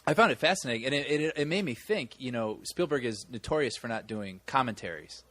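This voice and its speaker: A man's voice: medium pitch, expressive, fairly quick, fairly bright tone, no echo. A man co-hosting a movie podcast, telling a long story in casual chat with many restarts. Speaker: podcast co-host.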